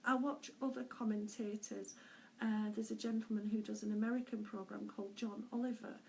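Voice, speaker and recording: A middle-aged woman, a spiritual medium, giving an unhurried, gentle weekly message with soft laughs and hesitant pauses. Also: medium pitch, steady tone, vocal fry, a little hiss or hum, rough recording.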